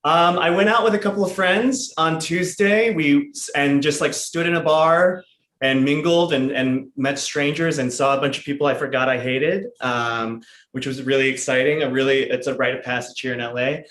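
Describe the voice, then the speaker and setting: A man's voice: a little high, steady tone, normal speed, a bit bright, reverberant. A man from the Midwest talking as a comedian guest, loose and joking with many fillers. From Midwest, near Chicago. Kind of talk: casual chat.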